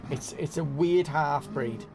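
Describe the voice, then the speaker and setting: A man's voice: on the high side, takes it slowly, gravelly, noisy background. A man with a mild Merseyside accent, chatting casually and rambling as he hosts a sim racing live stream. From northwest England. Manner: rambling, chatty, keeps saying "know what I mean". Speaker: gaming livestream host. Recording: live stream with music underneath. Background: game music playing.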